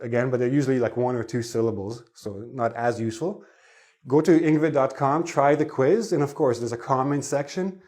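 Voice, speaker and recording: A man's voice: mid-range voice, brisk, darkish tone. Chatty male English teacher. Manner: explains chattily, asks the viewers questions. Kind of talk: online pronunciation lesson.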